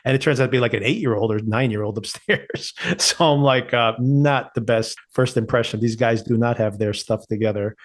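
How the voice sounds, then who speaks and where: Relaxed man reviewing a TV show. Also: medium pitch, brisk, few pauses. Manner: thoughtful, relaxed, chuckles often. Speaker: podcast co-host. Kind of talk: casual TV review chat.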